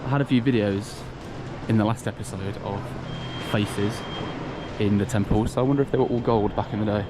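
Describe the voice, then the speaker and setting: A man's voice: lowish voice, fairly even intonation, a little fast. Casting: man, travel vlogger, chatty and rambling, over heavy traffic noise. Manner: chatty, rambling, self-questioning. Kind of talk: casual travel vlog to camera. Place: outdoors, windy, traffic around.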